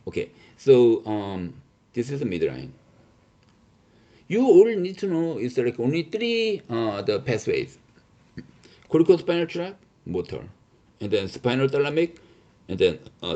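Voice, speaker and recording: Male lecturer, emphatic, lots of "okay?", animated pitch, muffled lo-fi audio. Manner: many fillers and restarts, repeats "okay?"; emphatic, reassuring. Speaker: teacher.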